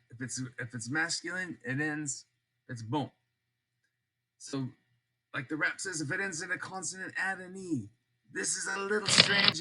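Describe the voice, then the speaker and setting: An older man teaching a French grammar lesson, slowly repeating example words and dropping in joking asides. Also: on the high side. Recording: loud background noise.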